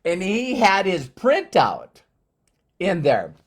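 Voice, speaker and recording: Cheerful fifties male host, somewhat high voice, meandering delivery with lots of fillers. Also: wildly swooping pitch, slow pace. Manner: upbeat, rambling, with many fillers and restarts. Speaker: network marketing presenter. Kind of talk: live-streamed motivational talk.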